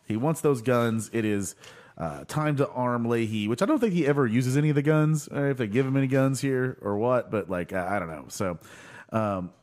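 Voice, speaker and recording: A man's voice: medium pitch, animated, normal speed, darkish tone. A man casually chatting as podcast co-host, retelling scenes with lots of fillers. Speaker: podcast co-host recapping a show. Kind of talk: casual chat.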